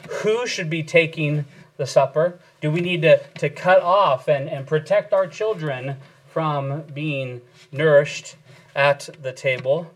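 Guy pastor preaching, earnest, kinda higher voice, stops and restarts a lot. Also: low-quality recording. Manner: earnest teaching with frequent fillers and restarts. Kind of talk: sermon teaching and closing prayer.

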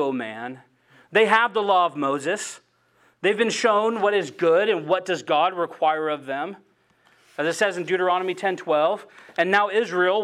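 A man's voice: high-pitched, fairly bright tone. A man preaching an expository sermon, reading scripture aloud and stressing key phrases with earnest emphasis.

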